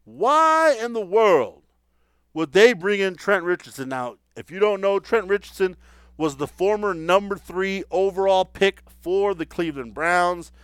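Man for a solo football talk segment, incredulous and mocking, smooth voice in a dry studio. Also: sits high, normal speed, no room sound. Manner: animated, incredulous, mocking asides. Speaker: sports commentator. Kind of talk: solo football preview commentary.

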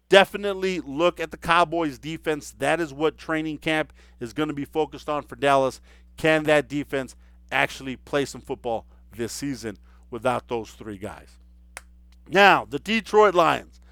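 Man for a solo football talk segment, incredulous and mocking, smooth voice in a dry studio. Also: on the high side, no echo. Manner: animated, incredulous, mocking asides. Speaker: sports commentator. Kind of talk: solo football preview commentary.

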